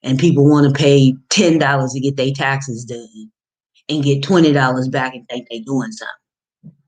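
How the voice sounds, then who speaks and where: A woman's voice: very deep voice, fairly even intonation, moderate pace, a little mellow. A woman life coach giving an emphatic, preachy motivational talk, repeating phrases and dropping folksy pet names. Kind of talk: motivational video monologue.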